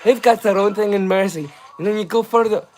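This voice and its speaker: Scottish man, northeast accent, rambling livestream chat, fairly high voice, faint music behind. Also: a little fast, low-quality recording. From Scotland. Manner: chatty, rambling, joking. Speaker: livestream host.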